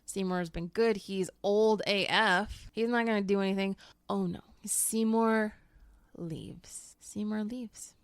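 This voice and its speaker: Casual woman book reviewer, teacher type, laughs a lot, slight vocal fry. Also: medium pitch, steady tone, takes it slowly, dry recording. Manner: chatty, laughs often, swears casually. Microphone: home microphone.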